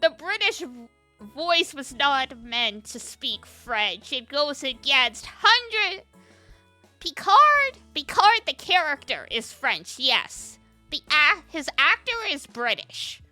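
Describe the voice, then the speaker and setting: A woman's voice: sits high, very animated, slow pace, bright, forceful tone, faint music behind. A woman game streamer in casual chat, talking to her viewers, laughing often and answering chat as she plays.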